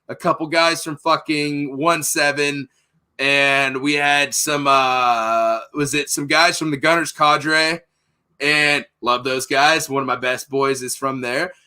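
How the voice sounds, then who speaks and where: A young man tells a war story with loads of swearing and big bursts of energy. His voice sits a bit high and sounds bright and sharp. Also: clear, resonant tone. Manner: profane, animated storyteller. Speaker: podcast host. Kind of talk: casual storytelling.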